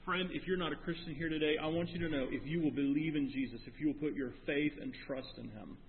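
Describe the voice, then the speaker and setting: Male pastor, emphatic preaching with swings from loud to hushed, slightly higher voice, tinny phone-like recording with long hall reverb. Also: fast talker, a little hiss or hum. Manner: emphatic preaching, rising to near shouts and dropping to hushed tones. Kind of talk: sermon.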